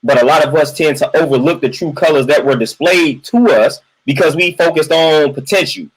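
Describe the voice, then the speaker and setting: A man's voice: on the high side, normal speed, slightly rough, low-quality recording. A man venting in a casual livestream monologue. He repeats his points emphatically, keeps tagging lines with "man" and greets viewers from the chat in between. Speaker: livestream host.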